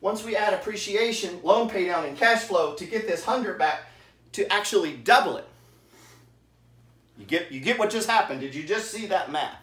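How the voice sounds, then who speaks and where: A man's voice: high-pitched, expressive, normal speed, a bit bright, distant mic. Guy a bit out of breath, blunt about money math, echoey room, sitting back from the mic. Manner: blunt, works through rough math aloud, rounding as he goes. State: slightly out of breath. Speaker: real estate investor. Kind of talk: informal money explainer.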